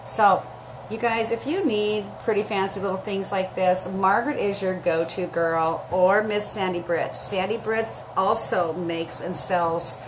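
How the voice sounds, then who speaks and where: A woman's voice: mid-range voice, fairly even intonation, a little slow. A woman hosting a chatty live sale stream, gushing and emotional as she talks straight to her viewers, her throat scratchy and dry.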